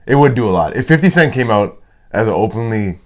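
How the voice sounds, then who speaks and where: A man's voice: fairly low pitch, expressive, brisk. A man hosting a podcast in casual chat, laid-back, teasing and profane. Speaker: podcast host.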